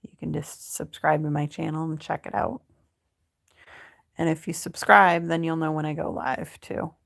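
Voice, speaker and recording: A low-voiced woman with a gravelly edge hosts a relaxed crochet livestream, talking on her phone as she works. She chats easily and reads viewer comments aloud. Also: moderate pace. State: sleepy, yawning. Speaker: livestream host. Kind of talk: casual livestream chat while crocheting.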